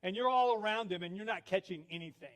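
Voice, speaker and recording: Storytelling pastor, a man with a high voice. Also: fast, a bit bright. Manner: storytelling with laughs, acted quotes. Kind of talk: sermon.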